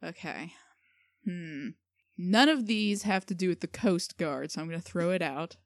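A woman co-hosting a casual podcast, answering a quiz, joking and thinking out loud. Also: lowish voice, measured pace, no room sound, clean studio sound. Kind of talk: casual chat.

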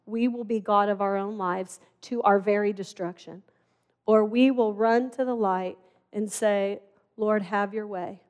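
A woman's voice: mid-range voice, a little slow, smooth. A middle-aged woman preaching a sermon in a conversational, storytelling way. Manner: conversational, animated storytelling with acted-out dialogue.

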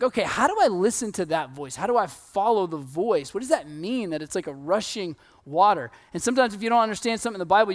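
Animated, high-voiced man preaching. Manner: conversational, animated storytelling with laughs and acted quotes. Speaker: pastor. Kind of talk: sermon.

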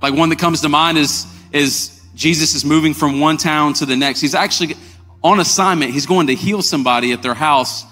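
A man preaching a sermon as pastor, conversational and calling the congregation y'all, with his voice climbing high and emphatic as he retells stories. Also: fairly quick. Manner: rising to an excited, emphatic pitch when retelling stories. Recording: long hall reverb with faint music.

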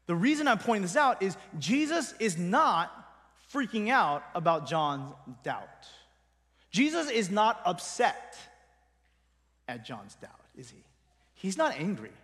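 A male pastor preaching a sermon in a conversational, emphatic way, often dropping his voice quietly at the end of a thought. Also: high voice, long reverb tail. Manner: conversational, emphatic, trails off quietly at line ends.

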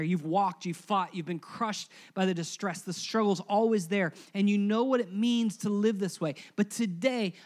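A male pastor preaching a sermon to his congregation in church, moving from loud emphasis to hushed, low passages. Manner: animated preaching, swings between loud emphasis and hushed lows; conversational, asks the congregation to repeat words.

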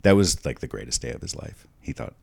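A podcast guest with a remarkably deep, low voice tells family stories in a loose, casual way. He rambles, doubles back and restarts mid-sentence as he goes. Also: expressive, brisk, creaky, slightly rough. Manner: rambling, frequent restarts and asides. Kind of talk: casual storytelling.

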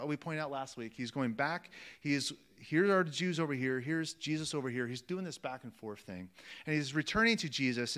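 A man's voice: on the high side, fairly bright tone. A man preaching a sermon, emphatic and repeating phrases for weight, calling his listeners friends.

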